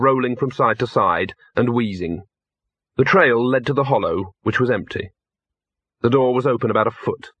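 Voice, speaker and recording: Husky male audiobook narrator. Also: medium pitch, a bit bright, no echo, muffled recording. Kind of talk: audiobook reading.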